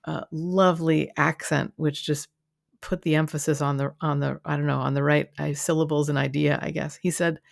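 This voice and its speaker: A woman's voice: sits low, level tone, normal speed, creaky, no echo, studio quality. A woman hosting her own podcast as a coach, talking in a chatty, rambling way with lots of fillers and restarts. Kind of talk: casual solo podcast monologue.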